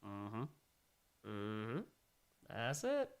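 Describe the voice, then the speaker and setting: A man's voice: fairly low pitch, wildly swooping pitch, extremely slow, clear, resonant tone. A young man hosting a casual livestream Q&A, reading viewer messages aloud and reacting emphatically. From New York. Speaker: livestream host.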